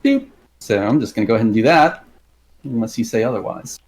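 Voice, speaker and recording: A man's voice: lowish voice, fast talker, darkish tone. A man playing a tabletop role-playing game, chatting casually and describing what his character does, with lots of filler words. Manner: chatty, many likes, narrates his character in third person. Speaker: player. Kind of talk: casual tabletop gaming chat.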